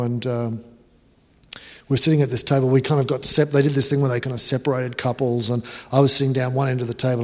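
A man preaching in a conversational, self-deprecating storytelling way. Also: medium pitch. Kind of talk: storytelling sermon. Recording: echoey hall reverb.

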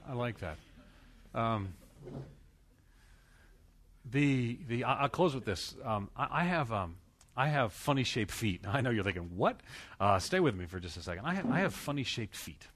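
A man's voice: medium pitch, lively intonation, moderate pace, a bit bright, slight background noise. Middle-aged american guy preaching, folksy rambling story, voice jumps all over. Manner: folksy storytelling with many restarts and fillers. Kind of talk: sermon.

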